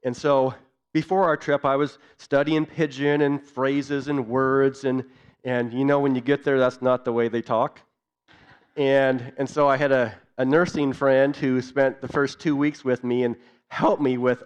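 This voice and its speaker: A man gives an earnest missions talk in a church, at a medium pitch. He stacks his points in repeated lists. The recording has a dull, lo-fi sound. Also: fairly even intonation, moderate pace, clear, resonant tone. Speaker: missions speaker.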